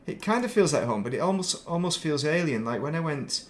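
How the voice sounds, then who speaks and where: A middle-aged man with a softened northern English accent, chatting casually and rambling while streaming a game. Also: on the high side, expressive, a little fast. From northern England. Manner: rambling, thinks aloud, laughs at himself. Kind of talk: casual chat while playing.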